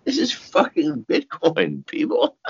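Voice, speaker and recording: An older man giving an interview, cursing freely and telling stories in an animated way, his voice jumping into sudden high shouts and laughs. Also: slow pace, gravelly, husky, highs cut off. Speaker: interview guest. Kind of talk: casual interview talk.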